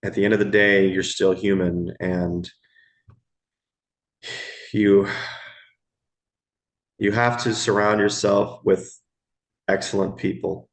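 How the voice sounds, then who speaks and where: Deep, flat-voiced man. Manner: slow, halting, pauses and repeats words. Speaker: guest, former ER medic. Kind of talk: storytelling in a podcast interview.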